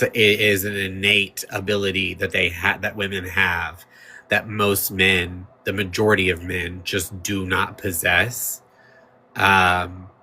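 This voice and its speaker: A man's voice: low-pitched, sharp tone, slight background noise. A man hosting a livestream, talking in a loose, rambling way over a playing clip and thanking viewers. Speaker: livestream host. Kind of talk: casual livestream commentary.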